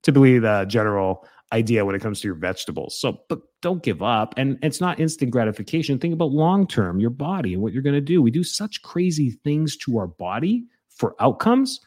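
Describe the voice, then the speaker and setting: Middle-aged man, blunt health-advice host, mid pitch, animated scolding. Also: a little fast, few pauses. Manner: blunt and animated, mimics excuses, jumps in pitch when scolding. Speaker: health doctor giving advice. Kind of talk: casual advice talk.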